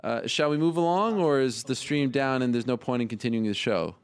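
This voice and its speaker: A man hosting a show, chatting casually and teasing his co-hosts with quick questions. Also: mid-range voice, clear, resonant tone. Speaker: host. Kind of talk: casual chat.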